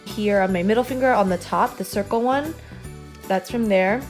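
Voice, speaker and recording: A woman's voice: medium pitch, normal speed, soft background music. A young woman vlogging at home in a chatty, casual way, full of filler words. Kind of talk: casual vlog chat.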